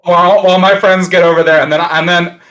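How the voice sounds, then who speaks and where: A man plays his character in a tabletop role-playing game. His voice is bright and a touch high, and he talks eagerly, often restarting his sentences as he lays out his plan. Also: steady tone, fast talker. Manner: eager player with repeated restarts, dropping into a soft hushing character voice. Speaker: player.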